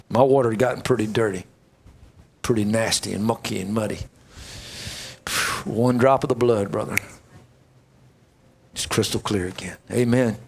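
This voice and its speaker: A man preaching from the pulpit. His voice is folksy and heartfelt, shifting from joking with the congregation to earnest prayer. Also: mid-range voice. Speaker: pastor. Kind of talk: sermon with closing prayer.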